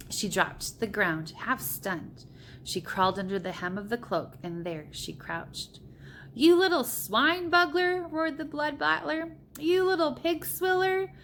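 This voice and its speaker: A woman's voice: medium pitch, bright, forceful tone, slight background noise. Woman reading a storybook aloud. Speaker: reader.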